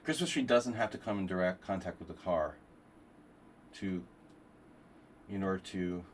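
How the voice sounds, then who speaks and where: In this live chess stream, a man running a simul mutters over calculations and drifts into wry chatter with viewers. His voice sits low at a normal speed, and the poor audio has a bit of background noise.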